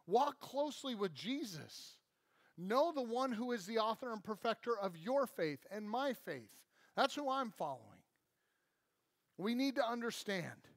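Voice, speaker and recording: A man's voice: sits high, dry recording. A man preaching a sermon in an emphatic, conversational way, often checking in with "right?". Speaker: pastor. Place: church.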